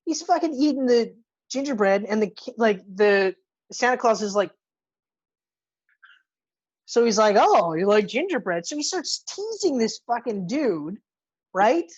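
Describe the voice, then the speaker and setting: A woman's voice: a little high, unhurried, pauses often, slightly rough, muffled recording. A woman co-hosting a podcast in casual movie review chat, retelling scenes with lots of swearing and acted-out lines. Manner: animated retelling, profane, acts out characters' lines. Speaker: podcast co-host.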